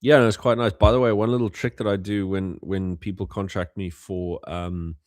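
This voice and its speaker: A man's voice: fairly low pitch, level tone, normal speed, a little mellow, dry recording, studio quality. A young man from South Africa, hosting a casual livestream and telling stories with many fillers and restarts. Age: young adult. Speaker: host.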